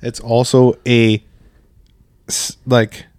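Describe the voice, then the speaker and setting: A man's voice: medium pitch, flat delivery, extremely slow, darkish tone, dry recording, studio quality. A man chatting casually about fishing, laid-back and profane, laughing often.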